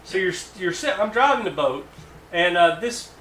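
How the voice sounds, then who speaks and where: Brief: radio host man, forties, higher-pitched bright voice, animated storyteller. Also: roomy sound, a little hiss or hum. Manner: animated anecdotal storyteller, halting asides.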